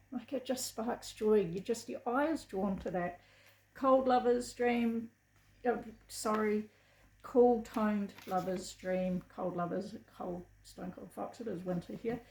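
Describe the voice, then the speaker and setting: A woman's voice: mid-range voice, creaky, dark tone. Gushing middle-aged New Zealand woman, roomy. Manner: chatty, gushing and enthusiastic. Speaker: beauty vlogger. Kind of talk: casual chat to camera. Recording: echoey room.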